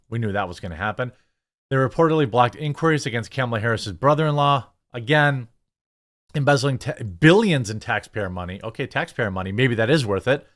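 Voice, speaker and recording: A man talks through casual political commentary in a blunt, sarcastic way. He rambles, breaks off and restarts often, and fills gaps with lots of "you know" and "I mean". His voice sits in an ordinary middle pitch. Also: a bit bright.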